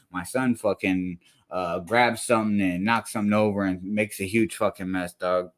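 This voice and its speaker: A man's voice: low voice, fairly even intonation, normal speed. A young man ranting in a heated, blunt way with heavy slang, reacting to a clip as a streamer. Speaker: commentary streamer. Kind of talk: profane reaction rant.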